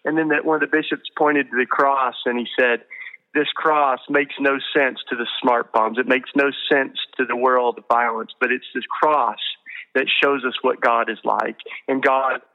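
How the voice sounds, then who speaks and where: A man's voice: medium pitch, fairly even intonation, moderate pace, narrow, tinny audio. A man being interviewed on a podcast, telling stories in an earnest, emotional way with many fillers and restarts. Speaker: guest. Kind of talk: storytelling interview talk.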